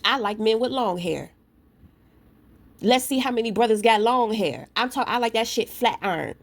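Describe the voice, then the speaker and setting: A woman vlogger who is a parent rants casually to her camera, blunt, profane and confrontational, her voice on the high side with lively intonation at normal speed. Her story is full of asides.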